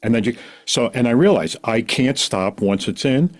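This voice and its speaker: A middle-aged man appears as a podcast guest, casually telling a long personal story. He rambles with animation and acts out the voices of the people involved, speaking in a mid-range voice at a moderate pace.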